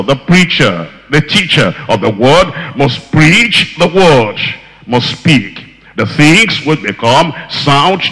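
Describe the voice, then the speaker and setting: A man preaching a sermon in a slow, deliberate, emphatic cadence, hammering the same phrase again and again. His voice is bright and forceful and sits a little high for a man. A long reverb of a hall trails after his words.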